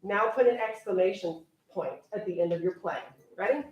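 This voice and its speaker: A young woman orchestra teacher directing a string rehearsal, briskly counting off and coaching her players. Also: mid-range voice, distant mic, lo-fi sound, a little hiss or hum. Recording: echoey room, voice from afar, strings playing.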